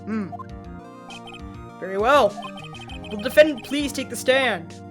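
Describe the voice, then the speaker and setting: A woman's voice: a little high, lively intonation, a little slow, faint music behind. A woman doing a stern courtroom judge. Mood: formal. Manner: formal, commanding.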